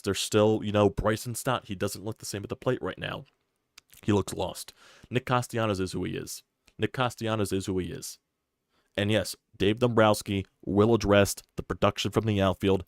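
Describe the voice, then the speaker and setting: A man's voice: fairly low pitch, no room sound, studio quality. A man hosting his own sports channel, giving a casual, emphatic game recap with repeated points. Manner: heated, swearing rants; repetitive, emphatic delivery.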